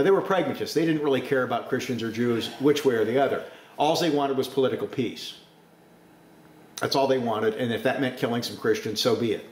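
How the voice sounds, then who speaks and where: A man preaching a sermon, forceful, with sudden rises to emphasis. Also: mid-range voice, echoey room, slight background noise.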